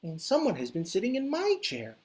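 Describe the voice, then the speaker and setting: A woman's voice: sits high, wildly swooping pitch, brisk, a little mellow, voice pushed up. A woman voicing a motherly mama bear with a medium-sized voice in a storybook reading. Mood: puzzled.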